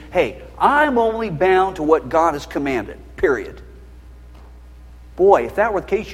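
This sermon comes from a middle-aged man whose high, husky voice swings widely between pleading and warning. Passionate and emotional, he rises to a shrill pitch when loud, and the long reverb suggests a church hall.

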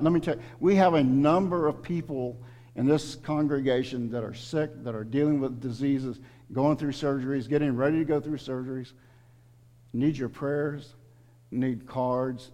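In a church sanctuary with long hall reverb, a middle-aged man preaches a sermon to his congregation. He's earnest and emotional, appealing directly to his listeners in a fairly high, slightly mellow voice.

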